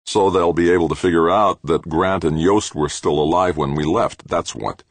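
A man with a low, creaky voice reading an audiobook, voicing a ruthless male astronaut with a curt, forceful manner. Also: steady tone, normal speed, dry recording.

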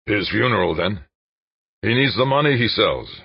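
A man reading the part of a crude, blunt old oil tycoon who snaps and mutters, with a rasping snicker. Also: fairly low pitch, expressive, moderate pace, no echo, highs cut off, pitched above the performer's own voice, full character voice. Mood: gruff.

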